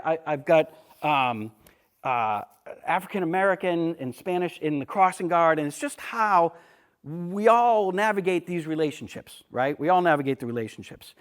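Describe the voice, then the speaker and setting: A middle-aged man from the Boston area gives a casual talk to an audience about his books, chatty and storytelling, with frequent asides and restarts. His voice is high-pitched, a bit bright, clear and resonant.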